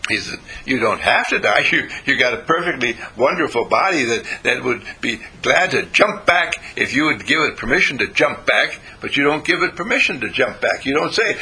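A man's voice: mid-range voice, very animated, moderate pace, hardly any pauses, bright, forceful tone, breathy edge, poor audio. An older American man giving a rambling, folksy spiritual talk to students, full of fillers and restarts. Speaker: spiritual teacher. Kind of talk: informal sermon to students.

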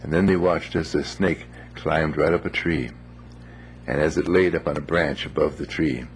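Low gravelly man telling a folksy story. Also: steady tone, slight background noise. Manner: gentle, unhurried, moralizing with homely phrases. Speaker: speaker telling a moral story.

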